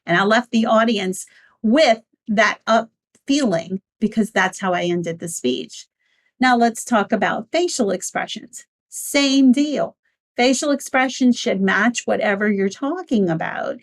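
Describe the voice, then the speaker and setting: Brief: woman speaking coach, clear and emphatic, mid pitch, instructional delivery. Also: measured pace. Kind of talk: instructional talk on speechwriting.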